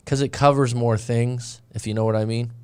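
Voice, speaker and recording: A man's voice: medium pitch, fairly even intonation, normal speed, a little mellow, clear, resonant tone. A man hosting a casual live stream as a dating coach, speaking, rambling with frequent restarts and asides as he reads viewer comments.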